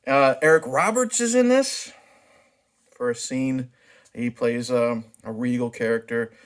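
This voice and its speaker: Man, mid-pitched voice, casual film review, frank, chatty, loose phrasing. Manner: frank and chatty, many fillers and restarts. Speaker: movie reviewer.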